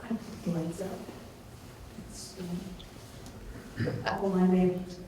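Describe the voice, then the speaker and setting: A woman in the audience speaks slowly and haltingly, with amusement in her voice. She is heard from far off, her mid-range voice swimming in the heavy echo of a large hall. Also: lowish voice, little pitch movement, background noise. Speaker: audience member. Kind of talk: telling a story from the audience. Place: town meeting hall. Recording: distant echoey hall.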